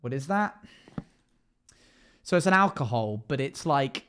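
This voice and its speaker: A man's voice: mid-range voice, lively intonation, a little slow, fairly bright tone, clear, resonant tone. A man chatting casually with his live stream viewers, playful and joking with frequent laughter. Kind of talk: casual livestream chat.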